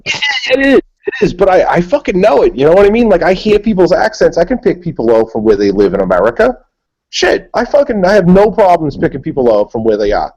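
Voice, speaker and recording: A man's voice: high voice, sing-song, fast, darkish tone, dull audio. Profane rambling man with a Massachusetts accent. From New England. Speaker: panelist. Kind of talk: casual chat on a group call.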